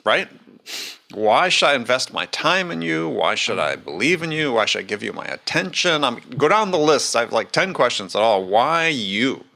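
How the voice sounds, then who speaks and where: A man's voice: mid-range voice, very animated, moderate pace, gravelly, sharp tone. A man hosting a sales podcast, talking emphatically in a conversational interview and often repeating words as he starts a point. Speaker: podcast host.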